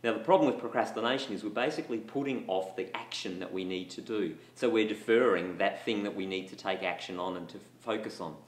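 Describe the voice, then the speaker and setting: Low-voiced man in an echoey room. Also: a bit bright. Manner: candid, conversational, admits his own struggles. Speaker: motivational speaker for schools. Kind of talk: talk to students.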